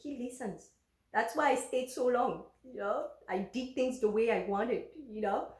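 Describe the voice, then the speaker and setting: A woman's voice: on the high side, measured pace. Chatty woman in an echoey room. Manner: chatty, lots of fillers and restarts. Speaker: vlogger. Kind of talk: casual personal storytelling.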